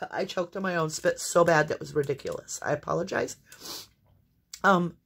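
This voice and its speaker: A woman's voice: on the low side, normal speed, vocal fry, breathy edge. A woman giving an intuitive tarot reading to viewers, earnest and exclamatory, with fits of coughing. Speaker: tarot reader.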